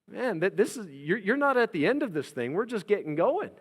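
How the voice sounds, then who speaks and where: A man's voice: sits high, big pitch swings, moderate pace, slightly rough, pitched above the performer's own voice, full character voice. A man voicing a deity who casually reassures a worried follower. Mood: reassuring. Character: confident reassuring male deity.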